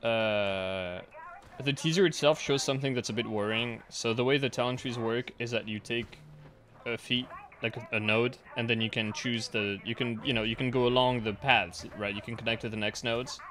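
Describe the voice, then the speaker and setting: A man's voice: medium pitch, fairly even intonation, moderate pace, fairly bright tone. Rambling young man chatting while gaming. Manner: rambling, many restarts and fillers. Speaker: streamer and player. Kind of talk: casual gaming chat.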